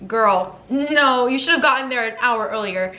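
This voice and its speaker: Young woman vlogger, high-ish and quick, bubbly storyteller; roomy room sound. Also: sharp tone. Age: 20s. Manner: bubbly, lots of "like", acts out quotes. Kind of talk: casual chatty vlog storytelling.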